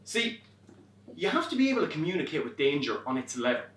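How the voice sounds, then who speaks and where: A young Irish man performing a wry comic monologue on a theatre stage, swearing and animated as he tells a story. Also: on the high side, fast. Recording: roomy stage from far off.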